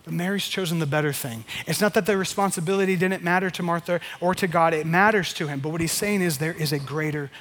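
High-voiced man preaching with animation. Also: fast, hardly any pauses. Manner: animated, repeats words when emphatic. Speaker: pastor. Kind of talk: sermon.

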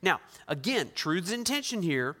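A man's voice: high-pitched, very animated, measured pace, pushed and bright. Man, middle-aged, pastor, emphatic sermon delivery, repeated phrases, church sanctuary, long echo. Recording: long hall reverb.

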